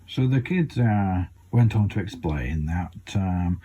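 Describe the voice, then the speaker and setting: An older man with a Scouse accent doing deadpan stand-up storytelling, halting with many ums and you-knows. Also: low-pitched, breathy edge. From England. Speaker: stand-up comedian.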